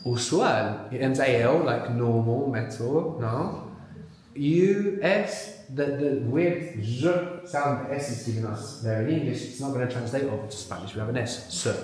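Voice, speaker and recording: A man leads a live language workshop in a very echoey hall, his voice bouncing around the room. He is animated, drawing words out slowly and repeating them so they sink in. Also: mid-range voice. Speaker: language teacher. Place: large echoey venue with live audience.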